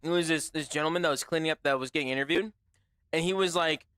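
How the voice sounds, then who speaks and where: Young male streamer, loose and profane banter, bright tone, dry close mic. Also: on the high side, quick pace, no echo. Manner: animated, profane, slangy banter with chat. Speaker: gaming livestreamer. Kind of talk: casual stream chat with viewers.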